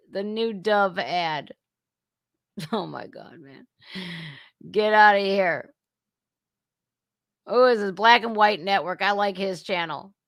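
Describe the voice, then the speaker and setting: Woman, livestream host, casual reaction chat, exclamatory, slow-paced. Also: medium pitch, fairly bright tone, no echo, studio quality. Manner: chatty, exclaiming, laughing asides.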